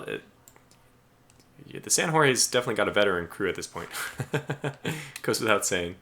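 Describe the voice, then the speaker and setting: A man giving live gameplay commentary as a streamer, chatty and excitable, talking aloud to the ships he commands. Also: on the low side.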